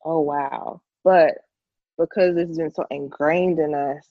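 A woman's voice: low-pitched, fairly even intonation, slow, dry recording, highs cut off. A woman co-hosting a faith podcast, talking casually with preacherly emphasis. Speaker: podcast co-host.

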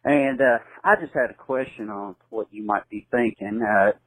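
A man's voice: fairly low pitch, normal speed, dry recording, low-quality recording. A man in his twenties from southern Kentucky with a Southern US accent, calling in to a podcast and asking an earnest question with some hesitation. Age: 20s. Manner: hesitant, earnest, lots of fillers. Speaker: caller.

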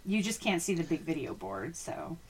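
Casual podcast host, a woman with a lowish voice, chatty, quick to laugh. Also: big pitch swings, husky. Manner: chatty, laughs easily, reads listener questions. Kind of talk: casual sports chat.

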